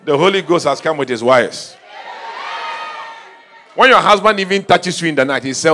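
A male pastor preaching a sermon in a church, telling stories and swinging from quiet asides to shouted calls. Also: a little high, expressive, moderate pace, pauses often, some chatter behind.

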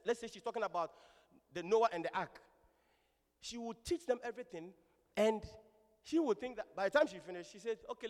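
A man preaching a sermon to a congregation in an animated, exclamatory manner, often calling out hallelujah. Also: high voice. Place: large church hall. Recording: long hall reverb.

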